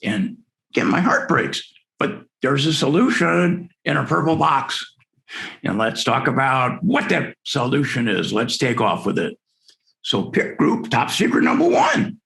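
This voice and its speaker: Man, 60s, gravelly, exclamatory storyteller, speaker on a virtual summit. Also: medium pitch, very animated, a little slow, fairly bright tone. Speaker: dental lecturer. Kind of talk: conference presentation. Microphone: video call.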